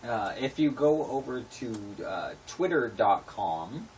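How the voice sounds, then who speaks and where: A man's voice: mid-range voice, expressive, takes it slowly, a little mellow. A man hosting a casual web show, talking off the cuff with many fillers and restarts. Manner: rambling, full of fillers and restarts. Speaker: show host. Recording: distant mic with faint noise.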